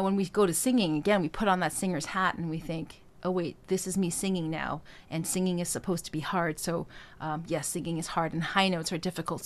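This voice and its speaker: A middle-aged woman vocal coach teaching a singing lesson, explaining technique and singing short demonstrations. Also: fairly low pitch. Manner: encouraging, demonstrates phrases by singing them.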